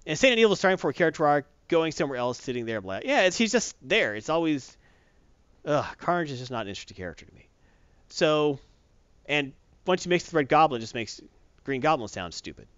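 Sarcastic male reviewer with a slightly high, animated voice, dry lo-fi recording. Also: clean tone, no echo. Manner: exasperated, sarcastic, rambling. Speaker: comic book reviewer. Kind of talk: casual opinionated review chat. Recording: dull, lo-fi, dry.

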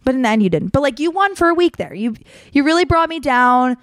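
A woman's voice: sits high, sing-song, quick pace, no room sound, clean studio sound. A young woman hosting a podcast, telling a story in a chatty, candid way, acting out quotes and swearing freely. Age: young adult. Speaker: podcast host. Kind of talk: casual storytelling monologue.

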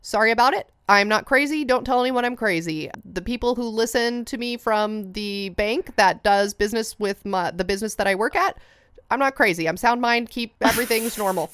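A woman's voice: a little high, a little fast, a bit bright, smooth, no echo. A woman co-hosting a podcast in casual chat, joking and self-deprecating. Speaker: podcast co-host.

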